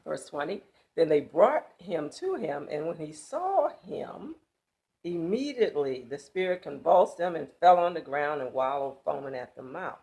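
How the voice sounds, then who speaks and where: A woman's voice: sits low, sing-song, a little slow, darkish tone. A woman teaching a Bible passage in sermon style, emphatic and loose, with casual asides.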